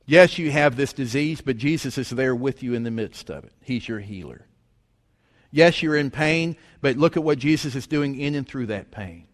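With an expressive mid-range voice at an ordinary pace, a middle-aged pastor gives a folksy, story-driven sermon peppered with rhetorical questions. The church sanctuary lends it a long, echoing reverb.

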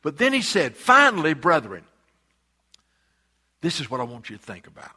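Animated, bright-voiced male preacher. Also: a little high, slightly rough. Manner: emphatic, slows down to stress key phrases; reads scripture aloud with the congregation. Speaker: pastor. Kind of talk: sermon.

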